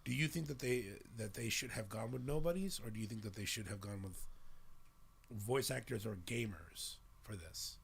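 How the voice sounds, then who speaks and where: A man's voice: fairly low pitch, normal speed, vocal fry, breathy edge. A man in his thirties hosting a podcast, chatting casually and animatedly, swearing freely and acting out voices as he retells scenes. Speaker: podcast host. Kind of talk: casual chat.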